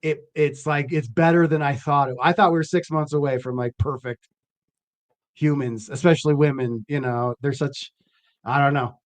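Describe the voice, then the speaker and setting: A man with a higher voice telling stories in an animated way, slipping into the voices of the people he quotes. He talks loosely and swears often, like a guest trading tales. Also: moderate pace. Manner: animated storyteller, acts out quotes. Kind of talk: casual chat.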